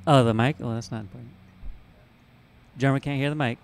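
A man's voice: medium pitch, fairly even intonation, brisk, creaky, a little hiss or hum. A man chatting casually between songs on a live music stream, easygoing with dry replies. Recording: loud music behind.

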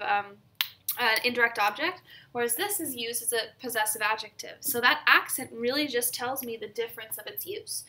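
Woman teacher w a bright, slightly high voice, explaining a grammar point, lots of "right?" and "um". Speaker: Spanish teacher. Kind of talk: recorded grammar lesson.

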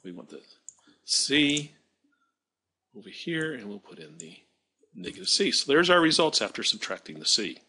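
A man teaching math, talking through a screen-recorded software demonstration and correcting his slips aloud as he works. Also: medium pitch, sing-song, normal speed, long pauses, breathy edge. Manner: thinking aloud while working, self-correcting.

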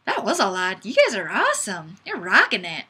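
A woman's voice: medium pitch, wildly swooping pitch, moderate pace, bright, forceful tone, husky. A young woman hosting a casual livestream over a webcam, playful and giggly as she reads viewer comments aloud. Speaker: livestream host.

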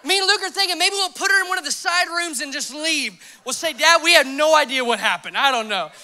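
High, bright-voiced young male pastor. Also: a little fast. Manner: animated, laughing storyteller. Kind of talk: sermon with personal storytelling.

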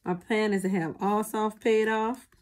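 A woman's voice: medium pitch, steady tone, measured pace. A woman chatting casually to her viewers as a budgeting vlogger, often calling them y'all.

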